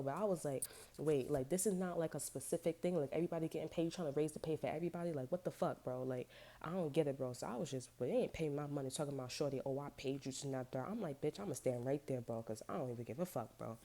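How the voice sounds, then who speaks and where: Low-voiced woman ranting in slang. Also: warm tone. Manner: profane, slangy and rambling. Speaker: vlogger. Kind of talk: casual storytime rant.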